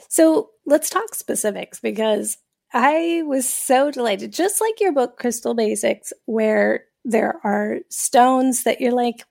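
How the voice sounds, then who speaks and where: Chatty woman with a gravelly voice. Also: a little high. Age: 40s. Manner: chatty, laughing, animated storytelling. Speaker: podcast host. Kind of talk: casual podcast interview.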